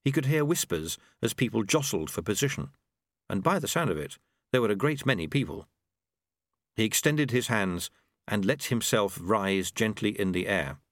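Man narrating a storybook, lively ups and downs, bit higher voice, dry close sound. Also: normal speed, no echo. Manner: expressive storytelling. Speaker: audiobook narrator. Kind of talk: scripted narration.

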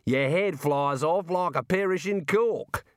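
A man voicing a cheerful, chatty prison warder, talking in a folksy, drawn-out way. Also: on the high side, dry recording, clean studio sound, pitched above the performer's own voice, close to an everyday voice. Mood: cheerfully grim. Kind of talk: audiobook character voice.

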